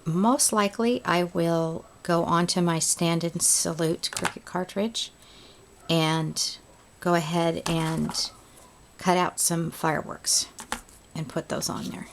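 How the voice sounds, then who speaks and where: Lady chatting through a craft tutorial at home, kinda low, bit of fry. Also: steady tone, slow, slight background noise. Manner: chatty, thinks aloud while working. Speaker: crafting video host. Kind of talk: casual craft tutorial chat.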